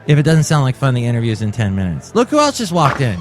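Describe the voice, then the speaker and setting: A man's voice: mid-range voice, wildly swooping pitch, fast, hardly any pauses, over music. A man in his forties hosting a comic solo podcast, telling stories in a wry, jokey way. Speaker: podcast host.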